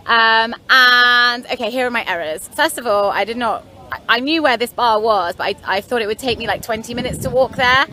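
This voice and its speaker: Brisk, bright, and forceful, this young vlogger from London has a fairly high voice as she tells a story to her camera. Her chatty, rambling telling is peppered with "like" and "anyway" and frank, wry asides.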